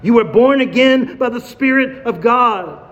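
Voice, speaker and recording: High-voiced male preacher in a hall. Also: expressive, measured pace, fairly bright tone. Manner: expository, rhetorical questions, emphatic repetition. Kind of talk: sermon. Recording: dull sound with long hall reverb.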